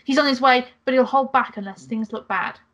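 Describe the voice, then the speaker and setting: A woman reading a text game aloud, voicing a brisk female hacker who gives quick, clipped briefings. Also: high voice, fairly bright tone, voice pushed up. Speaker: guest reader.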